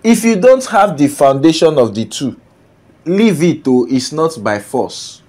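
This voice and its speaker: A man's voice: fairly high pitch, lively intonation, a little slow, a little mellow. A Nigerian man delivering a comedic reaction rant, scolding and often breaking into laughter. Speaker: comedian commentator.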